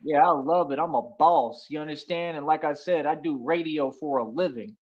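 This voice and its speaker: Man, livestream host, bragging swagger, fairly high voice, muffled lo-fi sound. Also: moderate pace, a little mellow. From United States. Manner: boastful, swaggering, repeats "like I said". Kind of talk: casual livestream monologue.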